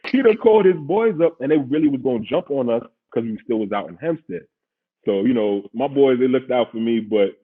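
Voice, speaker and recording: A man from Queens with a New York accent, telling a story in casual, slangy podcast talk and laughing often. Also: medium pitch. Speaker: podcast host, former pro football player. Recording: husky voice over tinny phone-like line.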